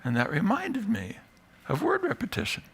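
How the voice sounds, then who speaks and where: A man speaks from a stage to a live audience, playful and self-mocking as he lectures. His voice swings widely in pitch and carries a gravelly rasp. The tone is bright and forceful. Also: huge pitch swings, moderate pace. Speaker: psychology professor giving a talk. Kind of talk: live TEDx talk to an audience.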